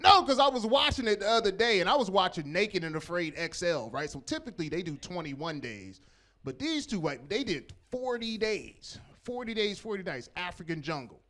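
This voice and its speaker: A man doing a loud, profane stand-up set on a comedy club stage, working the crowd. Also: sits high, moderate pace. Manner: loud, animated, profane storytelling with crowd work.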